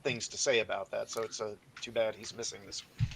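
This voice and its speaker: A man on a casual livestream panel, speaking in a measured, thoughtful way. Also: on the low side, level tone, gravelly, crowd noise, rough recording.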